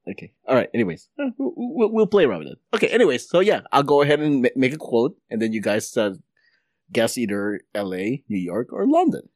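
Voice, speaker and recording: A man's voice: mid-range voice, a little fast, no room sound, clean studio sound. A man hosting a casual podcast, running a guessing game and laughing through stumbles. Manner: lively, stumbling, laughs often. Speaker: podcast host. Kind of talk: casual podcast chat, reading quotes for a game.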